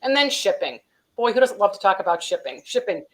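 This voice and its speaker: A woman's voice: mid-range voice, sing-song, fairly quick, rough recording. A woman, a company vice president, explaining practical steps in a business interview, chatty and advising, with many "you know" and "um" fillers. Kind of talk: conversational explainer in a business webinar.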